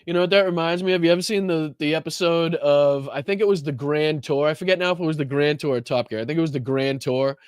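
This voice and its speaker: A man's voice: on the high side, fast, few pauses, smooth, no room sound, clean studio sound. A man with a Boston accent hosting a political podcast, reacting to a video with sarcastic, laughing, profane commentary.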